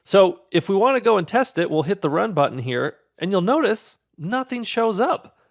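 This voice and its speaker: A man walks through a coding tutorial with easy, upbeat enthusiasm. His voice sits a bit high and has a gravelly, creaky edge. He talks it through conversationally, like a friendly instructor. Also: sing-song, moderate pace. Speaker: programming instructor. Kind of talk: screen-recorded coding tutorial.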